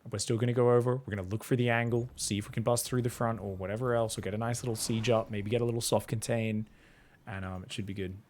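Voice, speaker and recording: A man's voice: lowish voice, fairly even intonation, fast, a little mellow. A man, casually commentating a strategy game and chatting with viewers in a rambling, laid-back way. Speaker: StarCraft coach and streamer.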